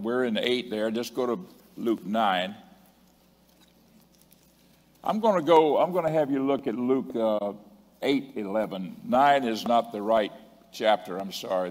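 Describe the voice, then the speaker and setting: A man preaching a sermon as a bishop, with drawn-out, emphatic phrasing, repeated refrains and self-corrections. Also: on the low side, lively intonation, a little mellow. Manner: stumbles over references and corrects himself. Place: large church sanctuary. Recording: long reverb of a church hall.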